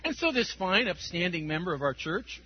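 Male preacher, high-pitched, slightly husky, chatty and chuckling, dull lo-fi sound. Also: big pitch swings, moderate pace, slight background noise. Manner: conversational, tells stories with chuckles. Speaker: pastor. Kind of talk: sermon.

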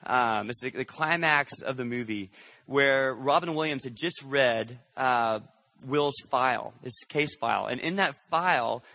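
A man's voice: mid-range voice, measured pace, vocal fry, pushed and bright, no echo. A man preaching a conversational sermon as pastor, often checking in with the congregation through rhetorical questions.

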